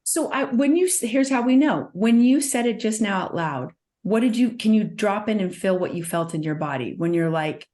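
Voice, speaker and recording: A woman working as a somatic trauma practitioner, talking as an interview guest in an earnest, soothing way and guiding with gentle prompts. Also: mid-range voice, expressive, moderate pace, hardly any pauses. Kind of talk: guest in conversation, gentle coaching.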